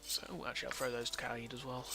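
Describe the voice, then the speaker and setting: A man's voice: medium pitch, level tone, very fast, vocal fry, over music. A young man casually commenting on his gameplay as a let's play host, thinking aloud.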